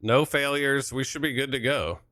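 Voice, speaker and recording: A man's voice: mid-range voice, moderate pace, pushed and bright, no room sound. A young man chatting casually on a live stream, joking, laughing and thanking viewers while setting up a flight.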